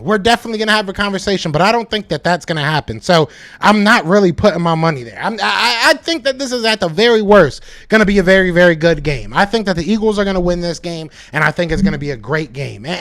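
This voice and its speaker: A male podcast host talking to his live chat, hyped and emphatic, repeating himself, with a voice that is going hoarse. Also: high voice, fairly bright tone. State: losing his voice, coughing. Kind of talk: live-stream fan talk to chat.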